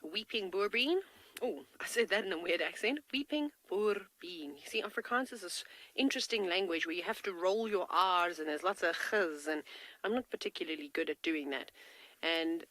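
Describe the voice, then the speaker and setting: A woman's voice: lowish voice, brisk, fairly bright tone, dry recording, poor audio. A woman safari field guide giving chatty, enthusiastic live commentary from a game-drive vehicle, with a tickle in her throat. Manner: chatty and enthusiastic, talks to kids.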